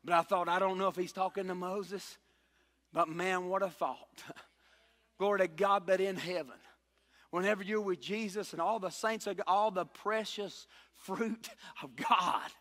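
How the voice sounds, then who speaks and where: A high, bright-voiced man preaching with fervor, rising to shouts and sinking low, asking the congregation for amens. His voice rings out through a church sanctuary with a long, lingering reverb. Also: fairly even intonation, unhurried. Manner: impassioned, rises to shouts and drops low, calls for amen. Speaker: pastor. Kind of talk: sermon.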